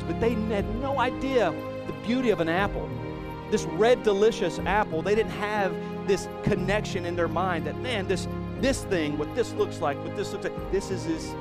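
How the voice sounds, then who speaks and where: Animated man preaching a sermon. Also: sits high. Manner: animated storytelling, swings from soft to loud. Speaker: pastor.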